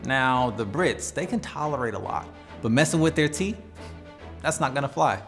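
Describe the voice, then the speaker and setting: A man's voice: mid-range voice, expressive, normal speed, fairly bright tone. A man hosting an educational explainer video in a playful, conversational way. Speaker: host. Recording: faint music behind.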